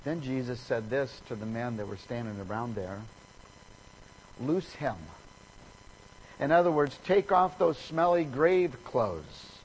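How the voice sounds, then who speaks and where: Animated male preacher telling a story. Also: moderate pace, hardly any pauses, slight background noise, poor audio. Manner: animated storytelling, acting out the people in the story with jumps in pitch and volume. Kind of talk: sermon.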